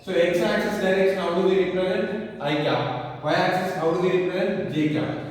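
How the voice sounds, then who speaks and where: A man's voice: high voice, fairly even intonation. A man teaching physics in an online class, speaking Indian English and checking often whether students follow. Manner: slow, repeats checking questions like "clear?" and "understand?". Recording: echoey hall, voice far from mic.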